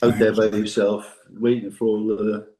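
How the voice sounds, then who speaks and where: A man's voice: fairly low pitch, level tone, normal speed, mellow, low-quality recording. Rambling older man, hesitant chat. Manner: rambling, hesitant, full of restarts and asides. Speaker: podcast co-host. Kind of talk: casual chat between friends.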